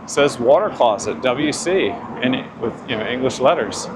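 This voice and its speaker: A relaxed man from the United States makes observations as he walks city streets at night. His voice sits in a mid pitch, and loud traffic noise runs behind him. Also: normal speed. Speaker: guest vlogger. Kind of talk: casual walk-and-talk vlog. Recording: noisy outdoor street.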